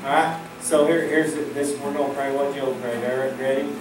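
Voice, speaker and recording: A man's voice: mid-range voice, steady tone, brisk. A man preaching with folksy fervor at a church service, leading his congregation in call-and-response prayer. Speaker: pastor. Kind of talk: fervent preaching. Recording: echoey church from a distant mic with music.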